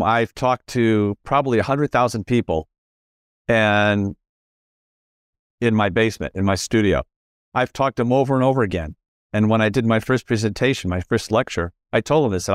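A man hosting a casual conversation, telling personal stories and acting out quoted lines with lively changes in voice. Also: fairly low pitch, no room sound, studio quality. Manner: storytelling, animated quoting of others.

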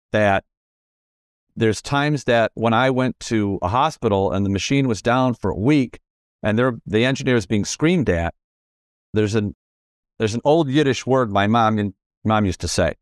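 A man hosting a casual conversation, telling personal stories and acting out quoted lines with lively changes in voice. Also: fairly low pitch, normal speed, dry recording, studio quality. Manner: storytelling, animated quoting of others.

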